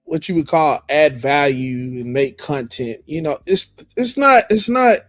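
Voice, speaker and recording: A man makes his case in a hesitant way, stammering and restarting often. His voice runs slightly high. The sound is dry. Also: lively intonation, a little slow, no echo, faint music behind. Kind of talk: live stream chat.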